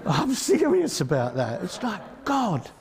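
A man's voice: high-pitched, huge pitch swings, unhurried, creaky, over a noisy crowd. Conversational Essex-accented male preacher. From Essex, England. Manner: conversational, emphatic, checks in with the audience. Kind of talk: sermon.

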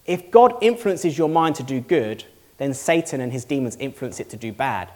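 A man's voice: mid-range voice, expressive, normal speed. A male pastor giving a sermon to a congregation, earnest and conversational, asking the room rhetorical questions. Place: church hall before a congregation.

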